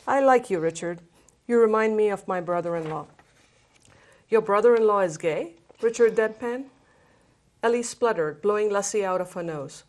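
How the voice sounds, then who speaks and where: Brief: woman novelist from India, mid-range voice, gives an expressive reading. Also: mid-range voice, moderate pace. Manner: hesitant intro, then lively expressive reading. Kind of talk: reading fiction aloud to an interviewer.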